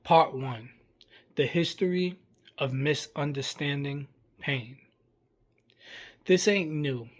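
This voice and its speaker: Earnest man giving slow reflective commentary. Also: on the high side. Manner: earnest, measured, speaks in short plain phrases. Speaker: commentary vlogger.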